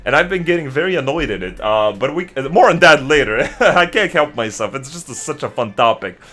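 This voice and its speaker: A man live-streaming to his chat from his desk at home, ranting in a casual, constantly swearing way with loud, agitated outbursts. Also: mid-range voice, lively intonation, brisk. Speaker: game streamer.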